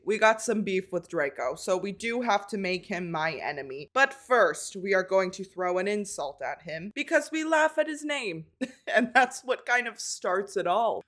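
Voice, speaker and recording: A woman's voice: mid-range voice, fairly bright tone. Chatty young woman vlogging a game. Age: young adult. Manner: chatty, laughs often, swears casually. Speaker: gaming vlogger. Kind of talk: casual let's-play commentary.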